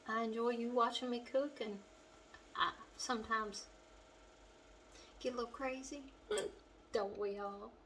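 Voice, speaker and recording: A middle-aged woman with a western Kentucky accent, hosting a home cooking demonstration in her kitchen and chatting warmly to the viewer. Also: on the high side, steady tone, a little slow, long pauses, background noise. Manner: homey and chatty, talking straight to the viewer. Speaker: cooking show host.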